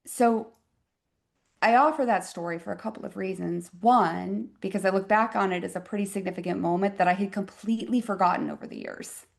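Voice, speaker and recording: A woman physician in her fifties, a podcast guest telling a personal story in a reflective, expressive way with wry asides. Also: medium pitch, brisk, creaky. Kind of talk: conversational interview storytelling.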